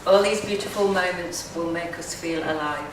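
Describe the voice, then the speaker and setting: A woman giving a measured, expressive poetry reading at a community event. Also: fairly low pitch, heavy background noise. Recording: echoey room, distant mic.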